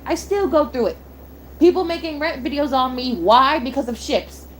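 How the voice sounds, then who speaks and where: A woman's voice: high-pitched, a little hiss or hum. A young woman streamer ranting, heated and blunt, swearing and repeating herself. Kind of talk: angry rant on a live stream.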